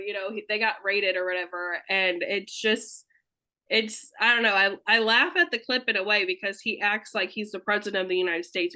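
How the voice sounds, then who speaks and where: A woman hosting a podcast in casual chat, chatty and quick to laugh. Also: medium pitch, fairly even intonation, sharp tone. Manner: chatty, laughing, mock impressions. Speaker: podcast host.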